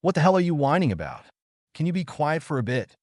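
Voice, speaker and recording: A man's voice: on the high side, big pitch swings, quick pace, darkish tone, no room sound, studio quality, pitched above the performer's own voice. A man voicing a blunt, protective young man who snaps in curt, exasperated lines, in a storybook reading. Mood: irritated.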